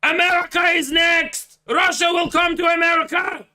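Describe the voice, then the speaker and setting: A man playing a frantic male head of state who shouts and rants in broken English, begging for money. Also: very high-pitched, steady tone, normal speed, exaggerated voice. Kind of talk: comedic impression on a livestream.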